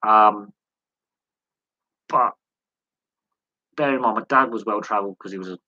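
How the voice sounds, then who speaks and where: A man chatting casually on a live sports stream, with a bright, forceful edge to a slightly husky, lowish voice. He rambles through stories, restarting sentences and acting out quoted lines. The sound is close and dry, with no room around it. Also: a little slow, pauses often, no room sound, muffled recording. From United Kingdom. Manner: rambling storytelling with frequent restarts and animated quoting. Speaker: host of a sports channel.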